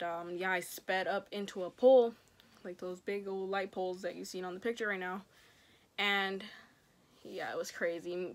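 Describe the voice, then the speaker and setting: A young woman vlogger casually telling a personal story, rambling and saying "like" a lot. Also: medium pitch. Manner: rambling, heavy use of "like"; quiet and subdued in stretches.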